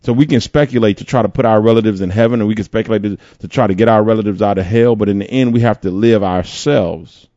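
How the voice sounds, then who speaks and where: A man's voice: fairly low pitch, warm tone, no room sound, muffled recording. A man preaching a conversational sermon as pastor, with playful asides.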